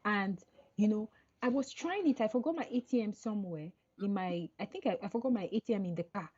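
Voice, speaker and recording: A woman's voice: medium pitch, fairly quick, husky, muffled recording. A woman guest on a podcast call, chatting casually and acting out the lines of people in her stories. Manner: animated storytelling, acts out quoted dialogue. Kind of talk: casual interview chat.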